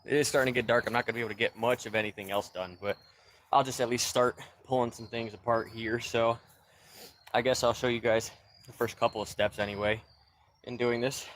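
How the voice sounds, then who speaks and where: A man's voice: mid-range voice, steady tone, fairly quick, fairly bright tone, slight background noise. Out-of-breath man streaming outdoors. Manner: loose, rambling, greets viewers by name. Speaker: livestreamer doing car repair. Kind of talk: casual livestream chat. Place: backyard, outdoors.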